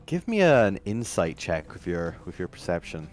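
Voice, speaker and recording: Low-pitched male game master, rambling narrator. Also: very animated, normal speed, soft background music. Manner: rambling, many fillers and restarts.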